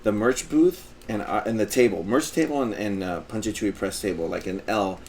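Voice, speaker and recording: A man with a fairly low voice tells a rambling, animated story on a casual podcast, slipping into quoted voices and swearing as he goes. A faint hum of background ambience sits under his voice. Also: brisk. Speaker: podcast co-host.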